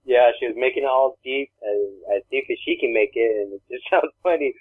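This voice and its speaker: Male co-host, rambling storyteller, mid pitch, dry narrow phone-quality audio. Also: brisk, husky, no room sound. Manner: rambling storyteller, acts out voices. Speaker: podcast co-host. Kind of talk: casual chat.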